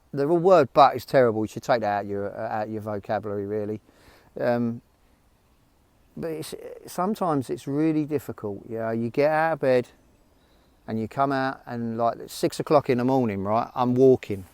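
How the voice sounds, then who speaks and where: Brief: male vlogger, blunt and earnest, mid pitch, dry close phone sound. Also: a little mellow, no echo. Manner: earnest, blunt, swears, frequent restarts. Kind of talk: motivational talk to camera. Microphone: handheld phone camera.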